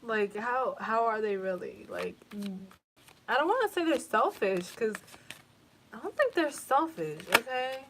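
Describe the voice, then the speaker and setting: Slow-talking young woman tarot reader. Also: fairly high pitch, big pitch swings, noisy background. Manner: emotional, profane, rambling with many fillers. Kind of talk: casual tarot reading to camera.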